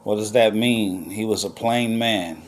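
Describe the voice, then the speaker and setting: Low-voiced man teaching scripture. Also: a little hiss or hum. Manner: checks in often with "all right?" and "okay?"; unhurried with pauses. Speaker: Bible teacher. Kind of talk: scripture lesson.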